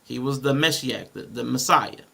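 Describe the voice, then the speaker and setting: Bright, gravelly-voiced man on a podcast. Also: medium pitch, moderate pace. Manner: animated, reads scripture aloud and explains it. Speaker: podcast co-host. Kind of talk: casual panel discussion.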